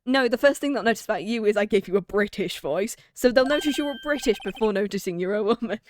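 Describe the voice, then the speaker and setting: A woman's voice: mid-range voice, expressive, quick pace, a little hiss or hum. A woman streamer casually commentating on a game, chatty with joking asides. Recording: loud game music behind.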